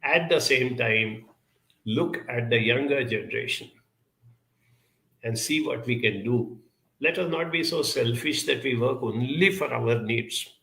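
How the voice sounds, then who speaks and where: Male speaker, gravelly, measured emphatic delivery, roomy echo. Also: medium pitch, pushed and bright. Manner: measured, emphatic, frequent uh fillers. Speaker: speaker answering audience questions. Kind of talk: live talk on emotional intelligence.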